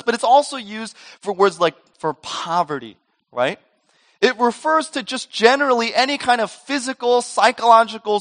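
A male pastor preaching a sermon, telling stories and acting out quoted voices along the way. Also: high-pitched. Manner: animated storytelling, acts out voices in a joke.

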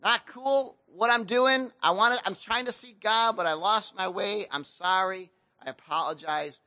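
A man preacher acting out an arrogant ancient king who shouts indignant questions. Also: sits high, moderate pace. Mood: contrite. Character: proud furious ancient king, male adult.

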